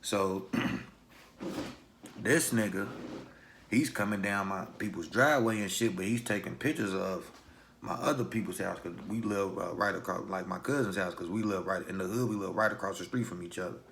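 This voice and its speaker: A young man from Louisville, Kentucky, casually telling a personal story in heavy street slang with animated retelling. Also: deep voice, normal speed, creaky, slight background noise. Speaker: vlogger.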